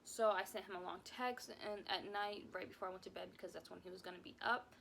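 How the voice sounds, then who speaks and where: Young woman with a creaky voice. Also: mid-range voice, steady tone, fast talker, fairly bright tone, a little hiss or hum. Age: young adult. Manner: emotional, rambling, repeats herself. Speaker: vlogger. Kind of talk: casual story time.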